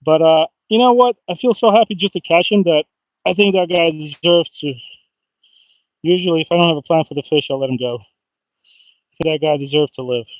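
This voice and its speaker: A man chatting casually on a fishing livestream outdoors, excitable and talkative, often bursting into whoops and laughs. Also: on the high side, normal speed, pauses often, dry recording, muffled recording. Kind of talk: casual live-stream chat. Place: outdoors by the water.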